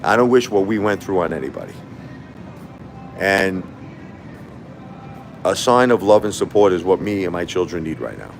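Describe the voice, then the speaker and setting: A man's voice: low-pitched, normal speed, creaky, pauses often, faint music behind. A man hosting a casual livestream, telling a long story in a rambling, repetitive way. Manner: rambling, repetitive, animated when quoting others. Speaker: livestream host.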